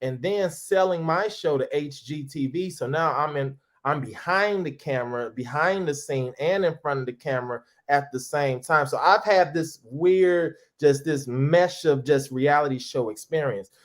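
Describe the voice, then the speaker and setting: A man's voice: moderate pace, few pauses. A man in his forties from St. Louis, a comedian telling a long story in an interview, acting out other people's voices. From St. Louis, USA. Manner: lively, goofy, acts out quoted voices with big pitch jumps.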